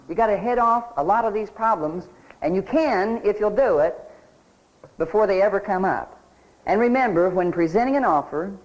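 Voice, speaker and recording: A high-pitched man leads a real estate sales seminar, mixing folksy stories with questions to the audience. This recorded lecture has poor audio.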